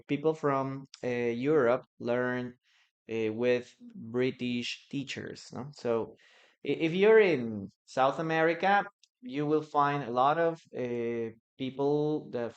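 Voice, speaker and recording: A man whose first language is Spanish, with a Peruvian Spanish accent, teaching English in a live online lesson. He talks loosely, with many fillers and restarts, and repeats phrases slowly when dictating. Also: mid-range voice.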